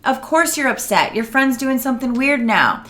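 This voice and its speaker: Middle-aged female coach, earnest and animated, bright tone, casual address to camera. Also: sits high, normal speed. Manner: earnest, animated, acts out quotes. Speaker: emotional wellness coach.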